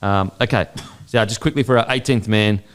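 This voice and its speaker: Blunt, sweary Australian bloke. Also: male voice, lowish voice, a little fast. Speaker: podcast co-host. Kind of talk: casual sports chat.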